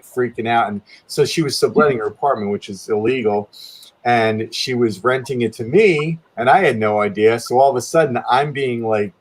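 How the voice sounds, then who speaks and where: A guest artist tells a long story casually and in a rambling way, with many restarts. His pitch jumps up whenever he quotes himself.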